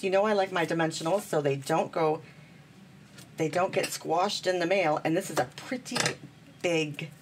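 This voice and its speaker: A woman's voice: on the low side, background noise. A woman chatting bubbly and self-deprecating while she demonstrates card making at her craft table, talking to viewers as friends.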